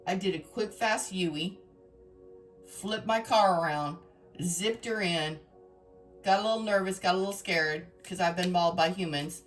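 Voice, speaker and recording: A woman's voice: on the low side, measured pace, soft background music. Emotional woman telling a rambling story. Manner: emotional, rambling, dramatic retelling. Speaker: tarot reader. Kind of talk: personal storytelling to viewers.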